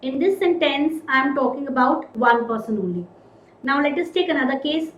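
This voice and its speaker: A woman teaching a recorded grammar lesson, repeating and stressing key words slowly. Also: sits high, animated, reverberant, muffled recording.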